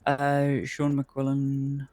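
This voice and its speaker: A man's voice: medium pitch, completely flat delivery, extremely slow, darkish tone, dry recording. A man in character as a police officer in roleplay chat, casual and a bit hesitant.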